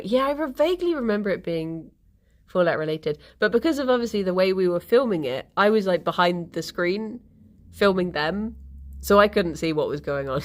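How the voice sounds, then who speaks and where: Woman, young, streamer, slow and sleepy, giggly rambling chat with viewers. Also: lowish voice. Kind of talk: relaxed casual stream chat, reading chat.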